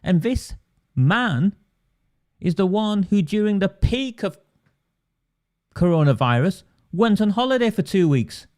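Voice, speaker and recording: A man's voice: high voice, animated, measured pace, pauses often, darkish tone. Indignant man ranting. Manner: indignant, emphatic, reads viewer comments aloud. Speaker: livestream host. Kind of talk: political livestream commentary.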